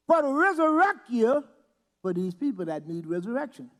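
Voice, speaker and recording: A man preaching a sermon, breaking into shouts and acting out prayers. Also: very high-pitched, sing-song, normal speed. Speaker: bishop preaching.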